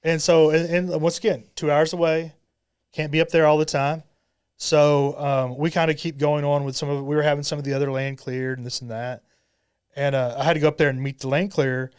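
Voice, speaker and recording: Clear-voiced man spinning a story. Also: a little high, flat delivery, a little fast. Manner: storyteller acting out quoted dialogue. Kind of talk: casual podcast chat. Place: podcast studio.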